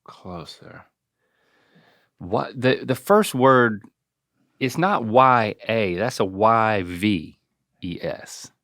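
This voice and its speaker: A man's voice: fairly low pitch, animated, drawn-out words, pauses often, a bit bright. Playful man spelling words out. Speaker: podcast co-host, son quizzing his father. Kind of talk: casual chat.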